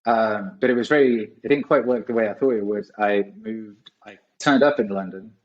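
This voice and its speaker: A man's voice: lowish voice, moderate pace, lo-fi sound. A man in his forties, a guest on a podcast, telling rambling stories in a casual way and swearing often. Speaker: guest musician. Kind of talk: casual storytelling.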